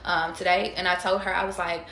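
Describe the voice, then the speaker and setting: A chatty woman doing a relaxed tarot reading, talking straight to her viewers in loose slang and swearing freely. Her voice has a gravelly fry, and the room echoes noticeably. A faint noise floor sits underneath. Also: on the low side, brisk. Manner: chatty, slangy and profane, addressing viewers directly. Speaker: tarot reader. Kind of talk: casual livestream reading. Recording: roomy echo.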